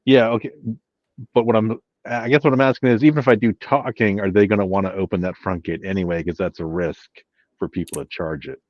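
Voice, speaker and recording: Low-voiced man, dull dry call audio. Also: fairly even intonation, fairly quick, no room sound. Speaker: player. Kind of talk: casual tabletop play over a call. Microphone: online voice call.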